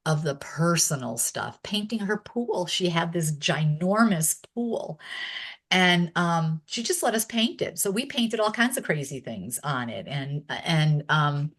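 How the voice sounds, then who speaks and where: A woman's voice: low-pitched, lively intonation, measured pace. A woman being interviewed, chatting casually as she recalls old stories and laughing often. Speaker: interview guest.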